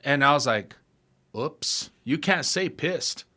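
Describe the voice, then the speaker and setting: A man who works as a radio DJ, chatting as a guest on a comedy podcast. He tells stories in a loose, animated way and says "man" and "bro" a lot. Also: mid-range voice, slow. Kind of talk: casual comedy podcast chat.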